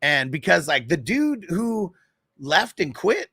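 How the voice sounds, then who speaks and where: A man's voice: a little high, sing-song, slow, vocal fry, sharp tone, breathy edge, dry recording, studio quality. A man hosting a fantasy football show, telling a story in a casual, profane, rambling way. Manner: profane, rambling, with frequent laughs.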